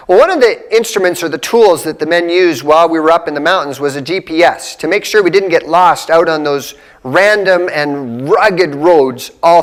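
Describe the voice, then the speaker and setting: Middle-aged male ministry leader, high-pitched, expressive devotional delivery. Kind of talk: short devotional talk.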